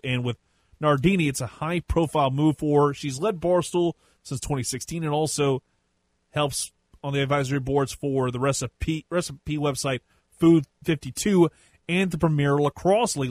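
A man's voice: on the high side, no room sound. A man hosting a solo wrestling podcast in a chatty, rambling way. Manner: chatty, rambling, self-correcting. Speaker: podcast host. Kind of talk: casual solo podcast commentary.

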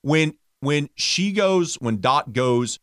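A middle-aged man co-hosting a casual sports talk show, ranting with animated jumps up in pitch for emphasis. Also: slow, no echo, clean studio sound. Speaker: co-host.

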